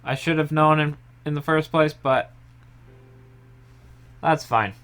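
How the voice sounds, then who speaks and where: Young guy walking you through baking pies in his kitchen, smooth clear voice, kinda high, easygoing. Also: slow pace. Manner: relaxed step-by-step explaining, trailing off softly. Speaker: home baker. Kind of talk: casual cooking tutorial. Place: home kitchen.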